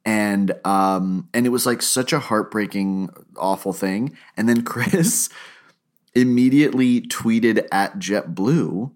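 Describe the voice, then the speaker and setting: A man's voice: lowish voice, slow pace. A man co-hosting a podcast, chatting casually and acting out quotes with a raised voice as he tells stories. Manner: animated storyteller, acts out quotes in raised voice. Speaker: podcast co-host. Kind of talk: casual chat.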